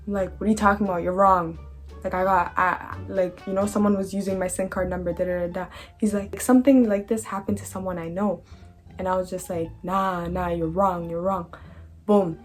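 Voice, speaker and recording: A woman's voice: medium pitch, brisk, faint music behind. Slangy young woman telling a storytime. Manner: animated, slangy, trailing off into unfinished sentences. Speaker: vlogger. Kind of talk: casual storytime.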